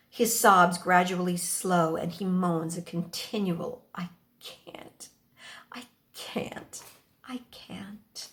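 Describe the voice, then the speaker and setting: A woman performing a dramatic first-person story aloud, reading slowly and expressively and acting out the dialogue. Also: fairly low pitch. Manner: slow, expressive, acts out the dialogue.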